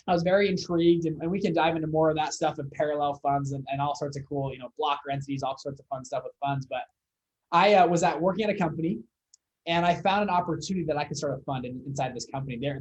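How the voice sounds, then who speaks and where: A young man, a fund founder, telling his story as a podcast guest in a casual, animated way with laughs and fillers. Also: fairly high pitch, low-quality recording.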